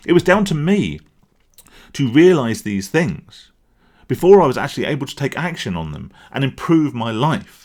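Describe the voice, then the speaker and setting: A man's voice: mid-range voice, sing-song, moderate pace. A middle-aged man, ranting bluntly in a vlog and swearing as he makes his point. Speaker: vlogger.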